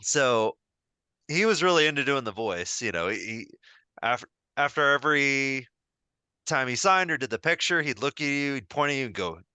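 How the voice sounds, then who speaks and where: Bright, animated podcast co-host man. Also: medium pitch, moderate pace, smooth, no room sound. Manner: enthusiastic, rambling storyteller with many fillers. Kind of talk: casual podcast chat.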